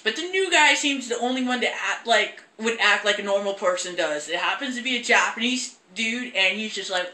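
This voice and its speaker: Young woman ranting a film review, bright voice, lots of cussing, echoey room. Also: lowish voice. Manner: profane, rambling, animated.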